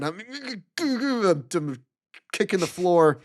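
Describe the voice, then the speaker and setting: A middle-aged man co-hosting a podcast, telling a story in an animated, exasperated way and acting out the dialogue. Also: medium pitch, moderate pace. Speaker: podcast co-host. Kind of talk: casual storytelling chat.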